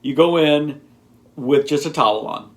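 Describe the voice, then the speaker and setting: A man's voice: fairly high pitch, measured pace. A man talking casually to camera, rambling and explaining in a teacherly way with lots of ums and asides. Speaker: video blogger.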